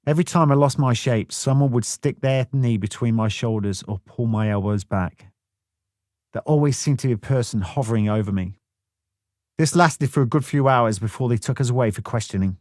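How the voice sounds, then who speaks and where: A man's voice: mid-range voice, a little mellow, no room sound, studio quality. A man reading a first-person memoir audiobook in a plain, matter-of-fact way. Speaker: audiobook narrator.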